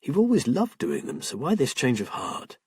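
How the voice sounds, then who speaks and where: A man voicing a hurt but steady husband who speaks firmly and with care, in an audiobook. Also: medium pitch, normal speed, slightly rough, no room sound, studio quality, voice pushed up, heavily acted. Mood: firm caring. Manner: indignant, then firm and caring.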